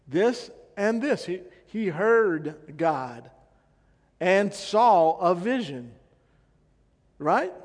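A male pastor preaching a sermon, emphatic, repeating phrases and questioning the congregation. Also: high-pitched. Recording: long hall reverb.

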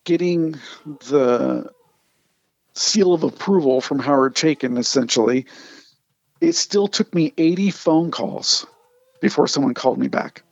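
A man, a comic artist, telling animated anecdotes in casual conversation and acting out the people he quotes. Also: fairly high pitch, measured pace, pauses often, dry recording, muffled recording. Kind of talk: casual storytelling.

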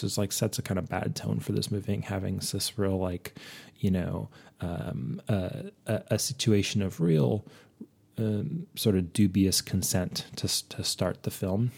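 A man reviewing a movie in a comic, rambling monologue, holding a low, put-on sultry persona voice with many fillers. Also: vocal fry, darkish tone, breathy edge. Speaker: podcast film reviewer.

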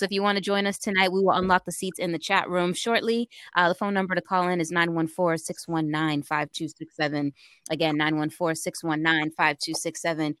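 A woman's voice: on the low side, fairly bright tone, no echo, clean studio sound. A young woman co-hosting a radio talk show, chatting casually, laughing often and venting in an exasperated way.

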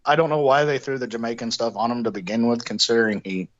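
Man, podcast co-host, measured, hedging, slightly muffled sound. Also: medium pitch. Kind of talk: casual chat.

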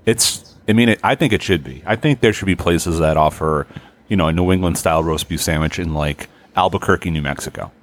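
Low-voiced laid-back guy. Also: fairly quick. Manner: laid-back, swears casually. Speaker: podcast co-host. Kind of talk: casual chat.

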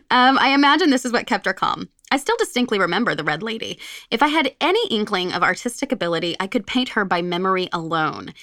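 A woman's voice: mid-range voice, a bit bright, no room sound, clean studio sound. A woman co-hosting a podcast, reading a listener's spooky story aloud and giggling as she chats. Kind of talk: casual chat and story reading.

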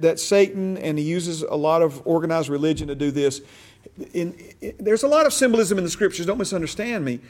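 A man leads a Bible class in a relaxed, conversational teaching style. His voice sits a little on the high side. He repeats key phrases for emphasis and keeps checking that his listeners are following him.

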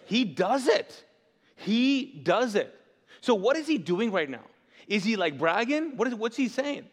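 A male pastor preaching a sermon, animated and jokey, slipping into quick voices to tell the story. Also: sits high, in a large hall.

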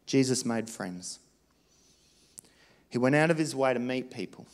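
A man's voice: mid-range voice, animated, unhurried. A man preaching a sermon as pastor, earnest and emphatic, urging his listeners with short exhortations.

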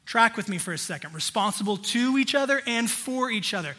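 A pastor with a high, bright, husky-edged voice delivers a sermon in a hall where the reverb rings long. Brisk and animated, he speaks to the congregation directly and conversationally.

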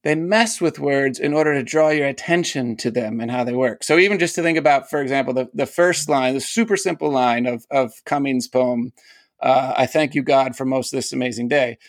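A man's voice: medium pitch, normal speed, no echo. A man, a poet and teacher, talks as a guest in an interview and explains ideas eagerly, laughing often. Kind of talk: casual interview talk.

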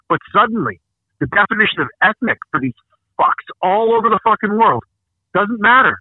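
A man with a slightly higher-pitched voice rants on a podcast, swearing hard and hammering his points through repeated words. The sound is thin and tinny like a phone line, bone-dry with no room. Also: sing-song, brisk, slightly rough, no echo. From Canada. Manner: angry, profane, emphatic ranting with repeated words. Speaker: podcast host. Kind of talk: casual podcast rant.

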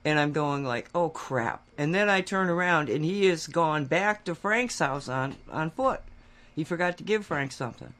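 A man co-hosting a talk show, telling a rambling story in casual chat and getting louder and more animated as he goes. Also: normal speed. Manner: animated, getting louder and higher when worked up; rambling with restarts and acted quotes.

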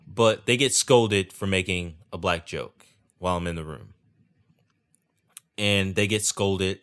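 Man, low voice, solo podcast host, rambling, profane, self-deprecating, faint background music. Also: fairly bright tone. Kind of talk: casual solo podcast monologue. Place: indoors at home, rainy night.

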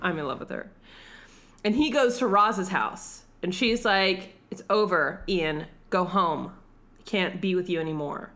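A woman's voice: fairly low pitch, measured pace, fairly bright tone. A woman co-hosting a podcast, retelling a film in a loose, profane, laughing way. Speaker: podcast co-host. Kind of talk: casual film recap chat.

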